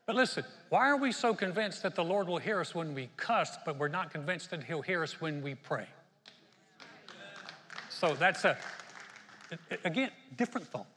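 A man preaching a sermon as pastor, animated and laughing often as he quotes scripture. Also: on the high side, moderate pace, long pauses, slight background noise. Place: church. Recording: long hall reverb.

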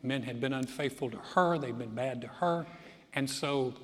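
A middle-aged pastor preaches in a church sanctuary, his voice medium-pitched and his pace normal. He tells funny stories full of jokes and acts out other people's voices, with a long hall reverb on the recording.

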